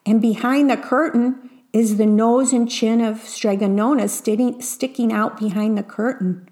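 Woman reading a kids picture book out loud, clear and expressive, bit high. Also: unhurried. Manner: clear, expressive read-aloud. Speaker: storyteller.

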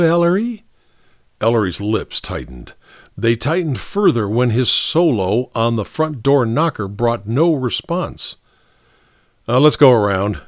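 Expressive male audiobook narrator. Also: medium pitch, no echo, studio quality.

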